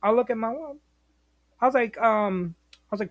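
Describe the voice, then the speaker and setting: A man, a former bus operator telling stories as a podcast guest in a lively, slangy way. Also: very high voice, moderate pace, pauses often, no echo. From New York, US. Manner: animated, slangy, acts out quotes. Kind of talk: casual storytelling.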